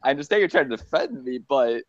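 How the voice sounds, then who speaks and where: A woman's voice: extremely low pitch, expressive, fast, lo-fi sound, crowd noise. A woman in a casual chat who talks animatedly and often bursts into laughter.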